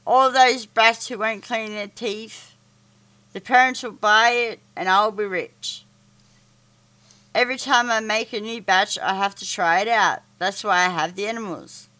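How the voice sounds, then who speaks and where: A woman's voice: on the high side, sharp tone. A woman reading aloud as a mean, skinny old male inventor who gloats and sneers, in a storybook reading. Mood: sneering.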